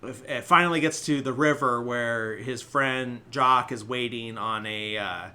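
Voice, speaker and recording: A man's voice: medium pitch, unhurried, bright, forceful tone. Rambling man recapping a film. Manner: rambling, many filler likes. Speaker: podcast host.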